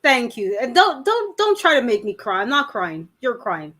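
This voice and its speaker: A woman with a high, very lively voice chats as a guest on a live stream. She stammers and giggles, deflecting compliments with self-deprecating jokes. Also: moderate pace. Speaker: guest on a live talk show. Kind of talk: casual live-stream chat.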